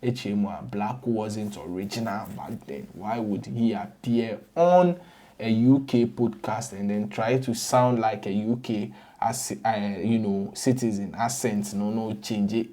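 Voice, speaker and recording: A man with a Ghanaian accent hosting an entertainment news show, chatting casually and switching between English and Twi with animated asides. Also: lowish voice, a little slow. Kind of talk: casual gossip commentary mixing English and Twi.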